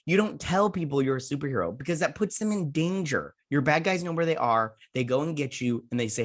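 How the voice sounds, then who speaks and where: Here a male host speaks in a somewhat high, expressive voice, moving briskly with few pauses. Reviewing a show casually, he rambles through scene recaps packed with "he's like" retellings, poking fun at himself along the way.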